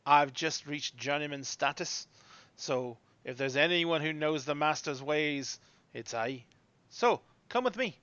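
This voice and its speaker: A man's voice: fairly high pitch, lively intonation, a little slow, a bit bright, no room sound, lo-fi sound. A man voicing an eager, proud young male journeyman smith in a tabletop game. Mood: self-assured.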